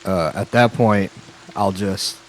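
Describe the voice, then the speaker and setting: Low-voiced male player, easygoing and jokey, swears casually. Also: takes it slowly, a little hiss or hum. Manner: casual, joking, swears freely. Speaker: tabletop game player. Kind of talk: casual play at the table.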